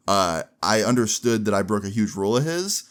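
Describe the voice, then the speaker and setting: A man's voice: lowish voice, fairly quick, clean tone. Young man telling a story casually. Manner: casual, slangy, lively storytelling. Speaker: vlogger. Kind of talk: storytime vlog.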